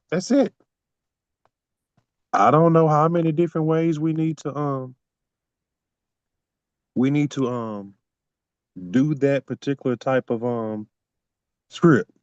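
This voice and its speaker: A man's voice: fairly high pitch, smooth, no room sound. A man teaching a group on a video call, emphatic and repetitive, talking straight to his listeners. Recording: dull lo-fi video call audio.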